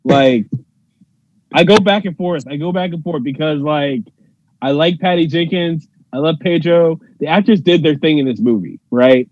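A man's voice: a little high, moderate pace, darkish tone, lo-fi sound, slight background noise. A man in a casual movie review chat, thoughtful and hedging as he weighs his opinion.

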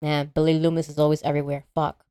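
A woman co-hosting a podcast, recapping a horror movie in an animated, profane way and acting out the characters' lines. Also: sits low, quick pace, no room sound. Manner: animated storyteller, acts out characters, swears freely. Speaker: podcast co-host. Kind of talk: casual movie recap chat.

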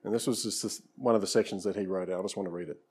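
A man's voice: deep voice, steady tone, rapid-fire, darkish tone, breathy edge. A man preaching a conversational sermon as pastor, often saying "you know" and repeating words, then leading a prayer.

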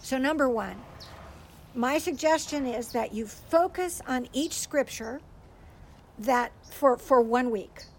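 Older woman, gentle earnest teaching voice, fairly high, faint hiss behind. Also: slow, poor audio. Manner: gentle, earnest, tearful at times. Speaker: speaker teaching on prayer for children. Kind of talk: heartfelt faith teaching to a group.

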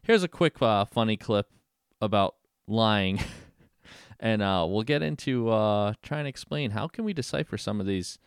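A man hosting a political podcast, talking casually and halting, often repeating words. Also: fairly low pitch, animated, smooth, no room sound, clean studio sound. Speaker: podcast host.

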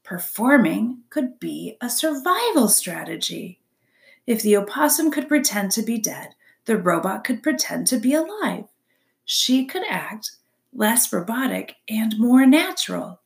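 A woman narrating a children's novel aloud in an expressive storybook reading. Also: a little high, unhurried, gravelly.

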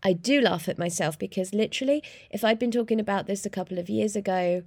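Woman, solo podcast host, animated chatty delivery, gravelly fry, dry sound. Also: mid-range voice, fast talker, no room sound. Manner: chatty and animated, laughs often. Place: small room in hospital accommodation.

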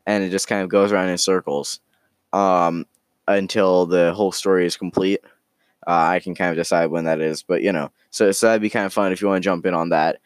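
A man hosting a podcast, chatting casually and telling an improvised story in a rambling, joking, halting way. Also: sits low, fairly even intonation, clear, resonant tone, dry recording, clean studio sound. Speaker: podcast host.

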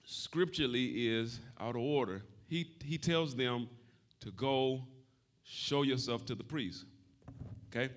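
A man preaching a sermon, calling out to the congregation and shifting between loud shouting and soft, conversational talk. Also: medium pitch, measured pace. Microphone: wearing a mic.

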